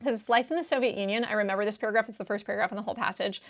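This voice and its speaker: A woman tutor explains reading test answers with a gravelly edge to her mid-pitched voice. Her talk is casual and slangy, and she keeps checking in with the listener. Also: rapid-fire. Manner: emphatic, keeps checking in with "right?".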